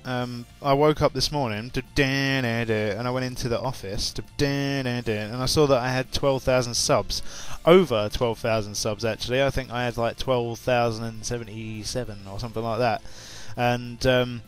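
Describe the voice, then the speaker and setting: Tired, just out of bed and hiccuping, a young English YouTuber with an English accent rambles to camera with lots of fillers and restarts. His medium-pitched voice is fairly even in intonation, at normal speed with hardly any pauses, over faint background music.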